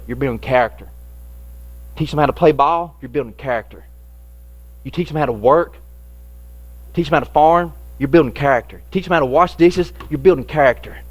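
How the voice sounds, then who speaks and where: A man's voice: medium pitch, no echo. A man preaching a sermon as a pastor, telling a childhood story and acting out the voices in it. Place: church sanctuary.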